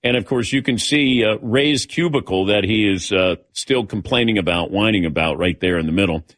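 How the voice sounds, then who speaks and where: A man's voice: fairly low pitch, normal speed, a bit bright, dry recording. A man hosting a sports talk show, chatting casually and calling on his crew by name with frequent chuckles.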